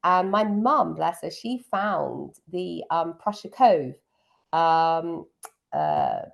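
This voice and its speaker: A woman's voice: low-pitched, big pitch swings, slow, gravelly. A middle-aged woman, a piano teacher, chatting fondly about her student days in an interview, with many ums. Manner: fond, reminiscing, frequent ums. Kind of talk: casual interview chat.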